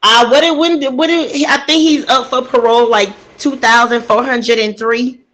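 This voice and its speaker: A woman's voice: on the high side, steady tone, moderate pace, fairly bright tone, poor audio. A woman telling a true crime story casually into a desk microphone, getting emotional and outraged and talking straight to her listeners.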